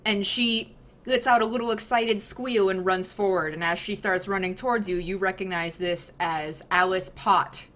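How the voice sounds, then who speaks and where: A young woman narrating a tabletop fantasy game as the game master, describing the scene with relaxed fillers and hedges. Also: medium pitch, moderate pace.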